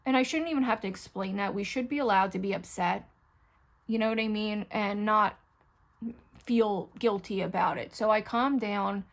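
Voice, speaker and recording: In a casual get-ready-with-me chat, a middle-aged beauty vlogger does her makeup at home while talking frankly to the camera. Her voice sits at medium pitch with a moderate pace; she wanders from one anecdote to another, frequently speaking directly to viewers.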